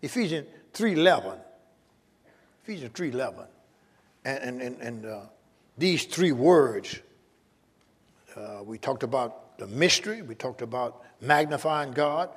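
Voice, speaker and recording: A man's voice: mid-range voice, expressive, a little slow, pauses often, husky, big-room sound. A male pastor preaching a sermon with emphatic call-and-response to his congregation, in a church sanctuary.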